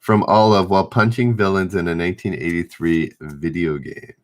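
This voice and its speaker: A man's voice: low-pitched, steady tone, normal speed. A middle-aged man hosting a live-stream trivia game, reading questions aloud, stumbling and rereading, and chatting with viewers. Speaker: trivia host.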